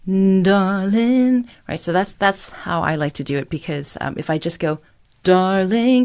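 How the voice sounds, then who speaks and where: A middle-aged woman with a slightly low speaking voice coaches singing. She breaks the song down patiently and stays encouraging throughout, the way a vocal teacher talks to a student. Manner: encouraging, explains step by step, sings short phrases as demonstrations. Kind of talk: singing tutorial, talking to camera.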